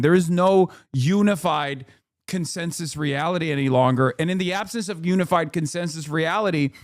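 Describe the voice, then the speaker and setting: Higher-voiced man ranting on stream. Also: no room sound, studio quality. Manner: emphatic and profane, lots of fillers and restarts. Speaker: streamer and political commentator. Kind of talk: casual commentary rant.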